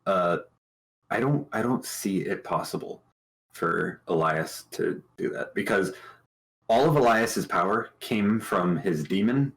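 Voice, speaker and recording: A man talking casually about his tabletop game character, thoughtful and halting, with many restarts. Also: low voice, lively intonation, creaky, a bit bright, rough recording. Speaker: tabletop game player on a talk show.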